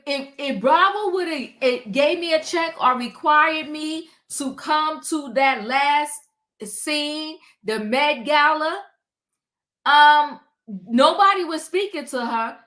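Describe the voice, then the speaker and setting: A woman giving casual commentary on a reality show, acting out quotes with lively, rising voices. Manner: animated, acts out quotes with rising pitch. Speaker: reality show recap host.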